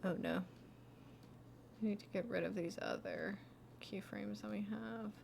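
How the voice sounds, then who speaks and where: A woman's voice: medium pitch, fairly even intonation, moderate pace, gravelly, darkish tone, a little hiss or hum. A woman chatting casually while she edits a video, laughing at herself and murmuring as she works. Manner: giggly, self-deprecating, drops to a murmur while working. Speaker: video editor streaming her work. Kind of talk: casual chat while editing.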